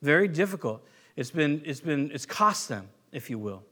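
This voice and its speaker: A man's voice: fairly high pitch, very animated, moderate pace, a bit bright. An American man preaching a sermon, telling stories in a conversational way and often restarting his sentences. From United States. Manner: conversational storytelling with frequent restarts. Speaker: pastor.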